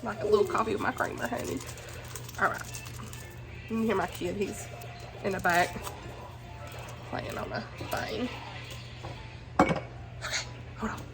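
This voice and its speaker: A woman with a mid-pitched voice talks casually to her viewers, chatty and quick to giggle. Faint music plays behind her. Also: vocal fry, low-quality recording. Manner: chatty, giggly, often says y'all. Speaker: book vlogger. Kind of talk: casual chat.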